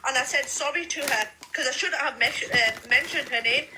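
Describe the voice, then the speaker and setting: A woman's voice: high-pitched, normal speed. A woman venting on a live stream, defensive and swearing, stumbling over her words with ums and restarts. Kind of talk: heated live stream rant. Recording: noisy live stream audio.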